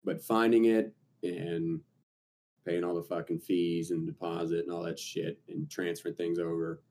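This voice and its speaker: A man's voice: low-pitched, little pitch movement, moderate pace, warm tone, slight background noise. A man co-hosting a podcast, talking loosely and teasing with plenty of swearing. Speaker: podcast co-host. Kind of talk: casual chat.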